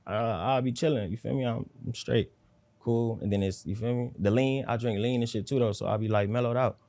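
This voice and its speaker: Man, rapper guest, low mellow voice, near-whisper, laid-back, slangy casual talk. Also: a little fast. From South Central Los Angeles. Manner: loose slang-heavy talk with frequent fillers. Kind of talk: casual interview chat.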